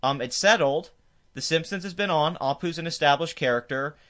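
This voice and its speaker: A man's voice: a little high, a little fast, a bit bright. A man hosting his own commentary video, ranting emphatically and dismissively with frequent restarts. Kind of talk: opinionated commentary rant.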